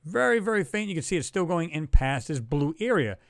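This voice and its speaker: Brief: male stream host, casual and excitable, pitched a bit high, dry unreverberant room. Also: a little fast, no echo. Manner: excitable, talks to chat viewers, reads their comments aloud. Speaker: livestream host. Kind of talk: casual livestream commentary on photos.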